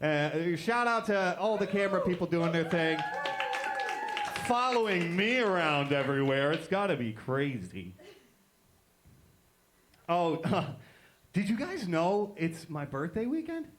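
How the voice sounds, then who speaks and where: A man's voice: high voice, very animated, slow pace, pauses often, fairly bright tone, slight background noise. A man freestyle performer who slides between singing and playful, rambling spoken riffs in an improv comedy set.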